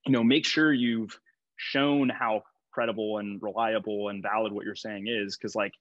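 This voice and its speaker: A man's voice: on the low side, steady tone, moderate pace, fairly bright tone, dry recording, dull audio. A young male strength coach talking casually in a podcast interview, rambling with lots of fillers and laughing easily.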